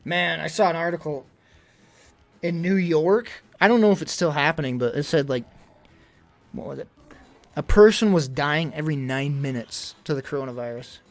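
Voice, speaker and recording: A young man streaming live in casual chat, out of breath, rambling and worried, swinging between loud emphasis and low mutters. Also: animated, normal speed. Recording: faint music behind.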